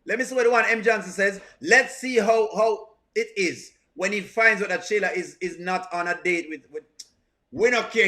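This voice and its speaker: Bright-voiced teasing man. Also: sits high, moderate pace. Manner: teasing, animated, repeats lines. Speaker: reaction commentator. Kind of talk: live reaction commentary.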